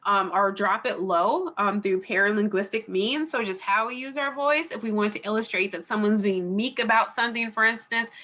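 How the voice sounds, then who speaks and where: A woman's voice: mid-range voice, moderate pace, hardly any pauses, sharp tone. A woman college instructor giving an online class review lecture, chatty and digressive with lots of fillers, heard through a computer mic on a video call. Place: home or office on a video call.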